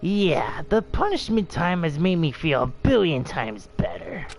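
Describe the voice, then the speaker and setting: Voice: medium pitch, big pitch swings, a little slow, faint music behind. A streamer reading a game aloud, voicing a taunting, cruel bear mascot with a mocking, sing-song delivery. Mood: gleeful. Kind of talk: let's play voice reading.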